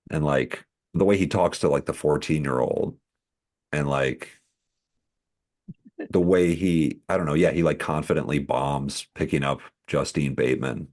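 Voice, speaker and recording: Very deep-voiced rambling podcast host. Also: male voice, darkish tone. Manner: rambling, full of "like" fillers. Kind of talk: casual chat.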